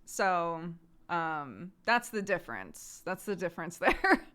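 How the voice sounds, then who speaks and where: A woman streamer chats casually and unhurriedly. Her pitch rises and falls in a lively way, and laughter often breaks into her talk. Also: slow, smooth. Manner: laughing, animated chat. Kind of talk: casual chat.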